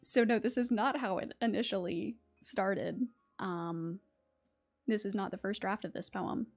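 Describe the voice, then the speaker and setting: Woman streamer, casual, reads her own poems, laughs easily, average pitch, faint music underneath. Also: fairly even intonation, measured pace. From West Virginia. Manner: chatty, laughs often, many fillers and restarts. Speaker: YouTube host. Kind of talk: casual livestream chat and poetry reading.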